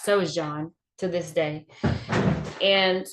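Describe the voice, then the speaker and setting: A woman's voice: lowish voice, fairly even intonation. Southern lady comic just chatting, swears a lot, bit of background hiss. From Georgia, US. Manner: chatty, profane, quick anecdotes. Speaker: comedian guest. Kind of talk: casual storytelling over drinks.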